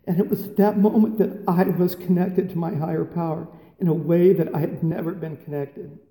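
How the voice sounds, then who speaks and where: A high-pitched yet mellow man shares his own story at a recovery meeting in a large hall. His voice rings back from the walls with a long tail. He talks in a loose, self-mocking way, full of fillers and asides. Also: fairly even intonation, moderate pace. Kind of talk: personal testimony to a live audience. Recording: echoey hall with long reverb.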